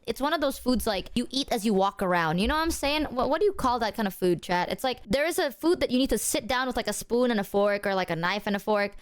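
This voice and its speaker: A young adult woman streaming casually, rambling with lots of fillers, swearing and talking to her chat. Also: on the high side. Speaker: VTuber streamer.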